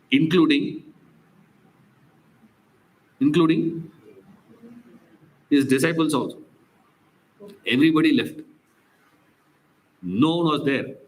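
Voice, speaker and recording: A man's voice: medium pitch, moderate pace, pauses often, low-quality recording. A man teaching a scripture class, telling stories with emphatic rhetorical questions. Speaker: spiritual teacher.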